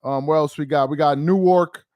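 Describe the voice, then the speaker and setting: Man, livestream host, smooth higher voice, dejected and rambling, dry close mic. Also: fairly even intonation, normal speed, dry recording, muffled recording. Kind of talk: casual live-stream chat.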